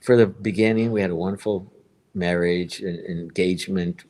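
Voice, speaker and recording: A man in his fifties with a notably deep, low voice, talking casually on a live stream. He tells his personal story in a rambling way, doubling back over points and repeating himself. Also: steady tone, normal speed, a little mellow. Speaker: guest telling his story.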